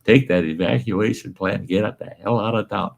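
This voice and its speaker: A middle-aged man telling a family story in casual chat, animated, laughing as he goes and raising his voice when he quotes others. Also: on the low side, normal speed, gravelly.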